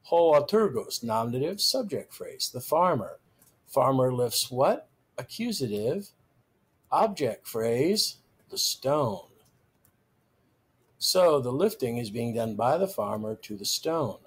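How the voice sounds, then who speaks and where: A man delivers a recorded grammar lecture in a slightly husky voice. His pitch moves a lot, lifting on key terms and dropping at the ends of phrases. He speaks slowly and deliberately, stressing each new word. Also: big pitch swings. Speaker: teacher.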